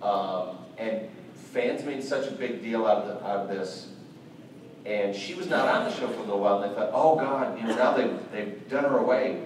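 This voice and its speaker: A man's voice: lowish voice, moderate pace, recorded from a distance, slight background noise. A man on a convention comics panel, telling a long behind-the-scenes story. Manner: storytelling, explains at length. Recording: echoey hall, mic from afar.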